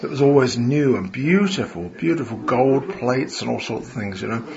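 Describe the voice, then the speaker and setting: Interviewed following a seance, an elderly male medium rambles on talkatively, leaning heavily on filler words. He speaks at a normal pace in an animated, mid-range voice with vocal fry, recorded dully over background crowd noise.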